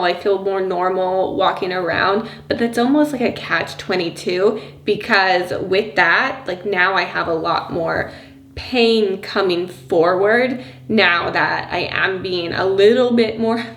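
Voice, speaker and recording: Woman vlogger, mother of a young kid, casual and rambling with lots of fillers, middle pitch, echoey room. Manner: chatty and rambling, many "like" and "you know" fillers; laughs softly between thoughts. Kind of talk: casual personal vlog talk. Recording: roomy echo.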